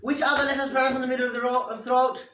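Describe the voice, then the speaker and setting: A woman's voice: high voice, flat delivery, very fast, fairly bright tone. Woman, teacher, patient step-by-step explanations, class repeats after her, distant mic, echoey room. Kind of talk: interactive class lesson.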